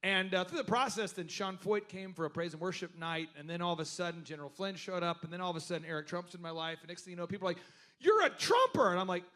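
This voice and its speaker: A man hosting a live business workshop, telling stories and asking the audience questions in an animated way. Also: sits high, rapid-fire, few pauses. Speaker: host.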